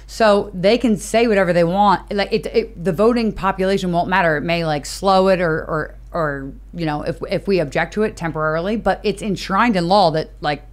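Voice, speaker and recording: A woman's voice: on the low side, normal speed, hardly any pauses. A woman co-hosting a political talk show, speaking casually with lots of fillers like "like" and "you know". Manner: casual, filler-heavy speech with frequent "like".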